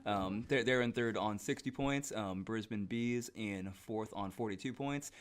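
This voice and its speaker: A man's voice: lowish voice, unhurried, clean tone. A man co-hosting a podcast, reading out standings bluntly, swearing and tripping over names. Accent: Australian. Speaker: podcast co-host.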